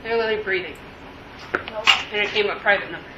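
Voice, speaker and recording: A woman on a paranormal investigation team, chatting casually on a podcast. She is chatty and quick to react. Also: mid-range voice, lo-fi sound, heavy background noise.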